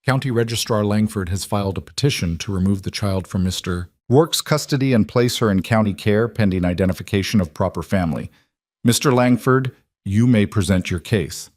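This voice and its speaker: Man doing a stern old judge, formal and grim, low dry voice. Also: brisk, darkish tone, dry recording, lightly acted. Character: stern heavy-set sixty-year-old male judge.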